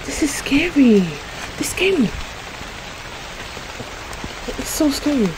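A woman's voice: high-pitched, expressive, slow, background noise. A young woman, commentating a horror game she is playing, jumpy and easily startled, with gasps and exclamations. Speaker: gaming YouTuber.

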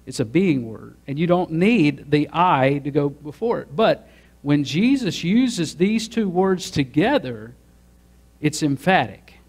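A man's voice: on the high side, lively intonation, slow, darkish tone. A man preaching a sermon as pastor, asking the congregation to join in and building to emphatic peaks. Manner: preaching with rising emphatic build-ups and audience prompts.

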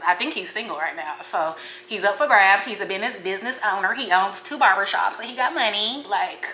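Bright-voiced woman vlogger in an echoey room. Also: mid-range voice, a little fast, few pauses, a little hiss or hum. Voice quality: slangy, animated, talks straight to viewers. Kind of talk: casual ranting to camera. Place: home kitchen.

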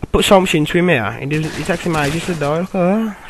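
A young man giving rambling, filler-heavy commentary over his own gameplay, with bursts of excitement. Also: on the high side, quick pace, slight background noise, poor audio. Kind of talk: casual game commentary.

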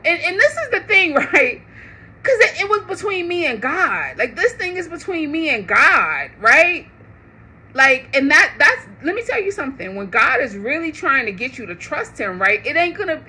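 A woman giving a prophetic sermon online in a lively, conversational way, laughing often. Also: high-pitched, moderate pace. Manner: animated, laughing, conversational preaching. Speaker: online preacher. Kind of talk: prophetic preaching.

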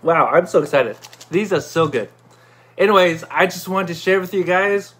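A man chatting casually in a product review vlog, excitable and talkative, with many fillers and restarts. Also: high voice, normal speed, breathy edge.

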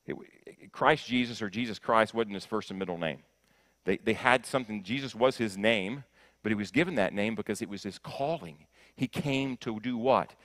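A man preaching in a church with a fairly low voice. He is emphatic, repeating the first words of his sentences as he builds. He swings between loud punches and hushed, intense lines. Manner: rises to loud emphasis, drops to soft intensity. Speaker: guest preacher. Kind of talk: sermon. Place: church sanctuary.

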